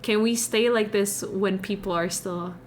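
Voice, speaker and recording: A woman's voice: mid-range voice, fairly even intonation, a little slow, a little hiss or hum. A young woman from Indonesia with an Indonesian accent, chatting casually on a live stream from home in a meandering, confiding way. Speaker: livestreamer.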